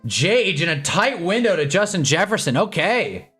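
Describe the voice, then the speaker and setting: A young man casually reacting to live football games on a stream, swinging from low muttering to excited yelling at big plays. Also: moderate pace, slightly rough, faint music behind. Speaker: sports streamer. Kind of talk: live football watch-along commentary. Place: home streaming room with green screen.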